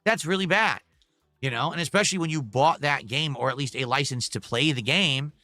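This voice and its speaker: A man rants indignantly on his live stream. His voice is bright and sharp and sits a bit high. The recording is dry. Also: fairly quick, no room sound, faint music behind. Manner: indignant ranting.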